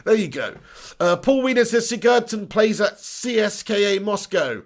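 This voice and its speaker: A man's voice: high-pitched, animated, normal speed. A man in his thirties hosting a live football watch-along, reading out chat messages and reacting with swearing and banter. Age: 30s. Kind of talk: live-streamed match reaction.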